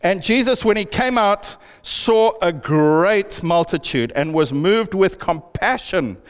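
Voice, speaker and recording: A man preaching a sermon in a church hall, with animated storytelling. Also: high voice, takes it slowly, clean tone. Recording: long hall reverb.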